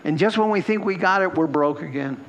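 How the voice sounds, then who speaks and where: A man's voice: a little high, fairly quick. A man preaching a sermon to a congregation in a conversational, emotional way, often laughing and repeating himself. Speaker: pastor. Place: church hall with a congregation.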